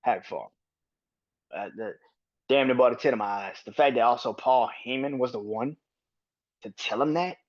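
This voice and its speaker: A man's voice: medium pitch, normal speed, long pauses, dull audio. A man hosting a solo wrestling podcast, ranting with heavy swearing and exasperated rhetorical questions. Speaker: podcast host.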